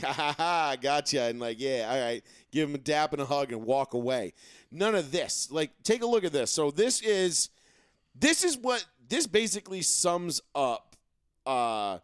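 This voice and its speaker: A man co-hosting a sports podcast, ranting profanely and mocking players with quick put-on voices. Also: a little high, clear, resonant tone, dry recording, clean studio sound. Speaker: podcast co-host. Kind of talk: casual sports talk.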